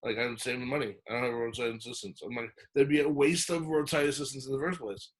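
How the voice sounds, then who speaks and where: A man's mid-range voice, fast and breathy-edged, carries a long, casual podcast story with frequent fillers and restarts. He retells it animatedly, acting out the lines he quotes.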